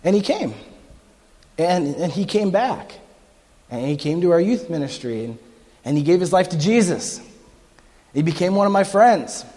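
Animated high-voiced pastor in a reverberant hall. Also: male voice. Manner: animated storytelling, acting out quoted voices. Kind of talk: sermon. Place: church sanctuary.

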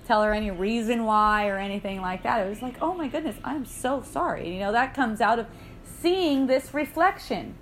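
A woman's voice: mid-range voice, slight background noise. A woman leading an in-person spiritual dialogue, telling light anecdotes with frequent laughter and quoted voices. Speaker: spiritual teacher. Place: indoor gathering room.

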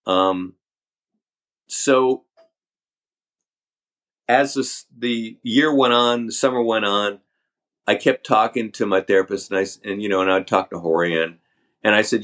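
An older man, a podcast guest, telling his story candidly in a halting, talkative way. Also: lowish voice, a bit bright. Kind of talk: storytelling interview.

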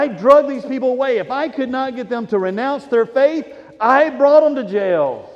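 A man voicing a fervent male apostle who pleads his case before a king, earnest and building to loud declarations. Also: extremely high pitch. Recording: dull sound with long hall reverb.

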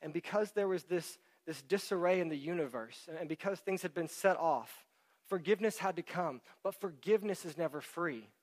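A man preaching a sermon in a church, speaking into a microphone. He explains things in an animated way and keeps asking the congregation rhetorical questions. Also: on the high side, brisk. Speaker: pastor. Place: church hall with sound system. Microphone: handheld or stand microphone.

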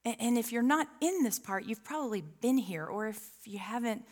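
A woman preaching a sermon to a room, reading scripture slowly and talking earnestly and conversationally, often asking the listeners questions. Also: fairly high pitch, lively intonation, a little mellow, in a large hall. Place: church room with an audience.

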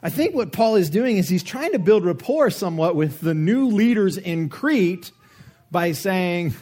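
A man preaching a sermon, joking and animated, with lots of rhetorical questions, in a church. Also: on the high side, unhurried. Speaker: pastor.

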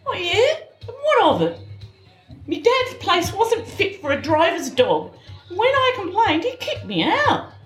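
A woman's voice: extremely high pitch, wildly swooping pitch, measured pace, a bit bright, exaggerated voice. A young woman with an Australian accent playing a brash working-class flower girl who talks in broad street slang on stage. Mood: indignant. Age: young adult. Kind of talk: stage play acting. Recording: echoey stage, distant, music behind.

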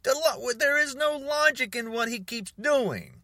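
A man's voice: very high-pitched, measured pace, pushed and bright, no echo, clean studio sound. A man ranting to camera in a heated, exasperated and sarcastic monologue. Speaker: political commentator.

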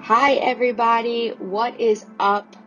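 A young woman hosting a casual solo podcast, chatty and excited, a little sick with her voice cracking. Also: fairly high pitch, unhurried, highs cut off, music in the background. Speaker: podcast host.

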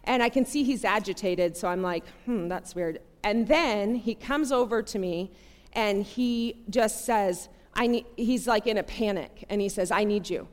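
A woman giving a sermon, telling a personal story in an earnest, conversational and animated way. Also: mid-range voice, normal speed. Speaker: preacher. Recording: long hall reverb.

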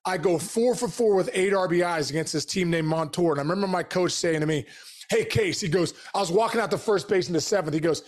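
A man's voice: sits high, fast, hardly any pauses. A man in his forties, a podcast guest, telling stories energetically and acting out the dialogue he quotes. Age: 40s. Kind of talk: casual storytelling.

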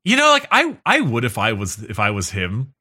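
An enthusiastic man co-hosting a casual chat show, rambling through stories with fillers and restarts. His tone is bright and forceful at a middle pitch. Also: huge pitch swings, moderate pace, slightly rough. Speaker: podcast co-host.

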